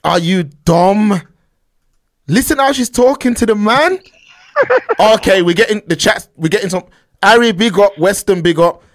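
Male streamer, high-pitched, animated reaction commentary. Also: normal speed. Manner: animated, talks to the chat. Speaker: stream host reacting to a clip.

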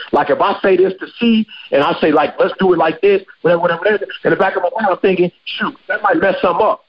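A man hosting a podcast in casual chat, a slangy, animated storyteller. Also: high-pitched, highs cut off. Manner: slangy, animated storyteller who acts out quotes. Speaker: podcast host.

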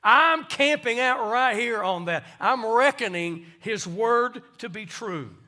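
A male pastor, preaching a sermon and swinging from soft asides to loud emphasis. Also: very high voice, expressive, slow.

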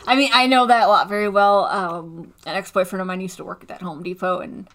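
Woman, podcast co-host, casual, dry, relaxed, mid pitch. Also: a little fast. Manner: laid-back, short reactions and dry remarks. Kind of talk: casual chat.

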